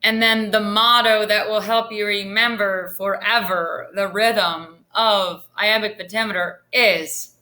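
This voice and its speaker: A woman teacher giving a recorded screencast lesson in a deliberate, teacherly way with occasional fillers. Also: medium pitch, fairly even intonation, pushed and bright. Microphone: computer screen recording.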